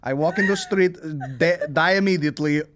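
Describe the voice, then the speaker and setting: A man's voice: fairly high pitch, moderate pace, a bit bright, a little hiss or hum, lightly acted. A man putting on a vodka-fueled Russian robot voice. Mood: deadpan. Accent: put-on Russian. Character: boozy Russian man, stiff robotic broken English.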